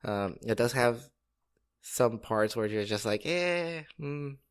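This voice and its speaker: A man co-hosting a podcast in laid-back casual chat, giving brief agreeing replies and halting with fillers. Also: lowish voice, little pitch movement, clean tone, no echo, studio quality. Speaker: podcast co-host.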